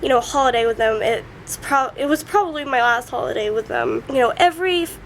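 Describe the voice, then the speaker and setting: A woman's voice: high-pitched, a little fast, a little hiss or hum. A young woman tearfully recounting family hurt in a personal vlog, breaking into sobs and leaning on "like" often. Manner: many fillers like "like". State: crying. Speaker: vlogger.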